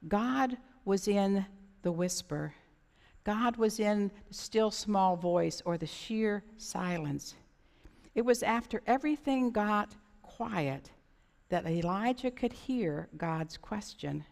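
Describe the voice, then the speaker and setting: A woman's voice: mid-range voice, lively intonation, unhurried, gravelly. A woman pastor giving a sermon in a conversational storytelling manner, sometimes acting out voices. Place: church sanctuary. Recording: church sanctuary reverb.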